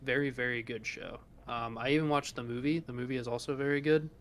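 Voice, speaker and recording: A man's voice: medium pitch, fairly even intonation, fast talker, fairly bright tone, slight background noise. Rambling, swearing podcast guy. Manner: rambling, laughs while talking, swears casually. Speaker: podcast co-host. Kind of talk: casual chat.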